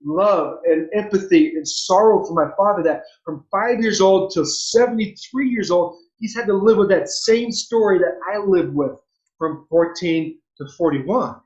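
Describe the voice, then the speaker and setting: A high-pitched man in his forties, originally from Southern California, opens up in a heartfelt interview. He circles back over his words and restarts phrases earnestly. The audio is dull and lo-fi. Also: a little slow, darkish tone, echoey room. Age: 40s. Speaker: interview guest, former pro baseball player. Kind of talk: heartfelt personal storytelling.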